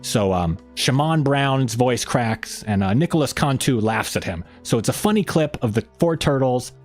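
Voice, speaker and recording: With faint music behind him, the male host of a casual live stream chats at a normal speed. His talk wanders, full of fillers and restarts, and he swings his pitch playfully when joking.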